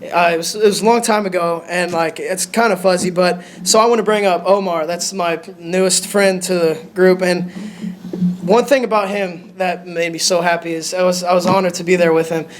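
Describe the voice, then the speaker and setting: A young man with a high voice preaches a short lesson to his church. He sounds nervous and halting, often stopping to restart a sentence, with a faint hum of noise behind him. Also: steady tone. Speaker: lay preacher. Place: church sanctuary.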